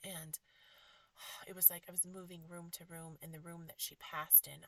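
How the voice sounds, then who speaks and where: A woman's voice: sits low, flat delivery, moderate pace, fairly bright tone, recorded from a distance. A woman hosting a podcast, telling a personal story with emotion, full of fillers and often dropping to a whisper. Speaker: podcast host.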